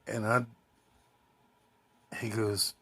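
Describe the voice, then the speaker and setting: A man's voice: lowish voice, flat delivery, drawn-out words, sharp tone. A man telling a rambling personal anecdote in a casual, swearing way, quoting other people as he goes. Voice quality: very husky. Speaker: storyteller.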